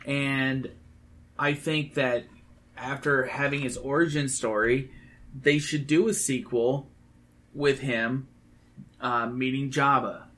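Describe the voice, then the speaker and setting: A man's voice: mid-range voice, fairly even intonation, slow, long pauses, a bit bright. Chatty man rambling about a movie. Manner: chatty, enthusiastic, rambling with fillers. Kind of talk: casual movie review chat.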